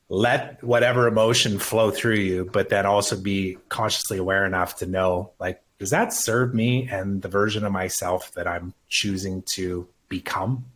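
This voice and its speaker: Earnest low-voiced man, emphatic. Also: fairly even intonation, unhurried, a bit bright. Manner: earnest, emphatic, swears casually. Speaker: podcast guest. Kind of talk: emotional personal conversation.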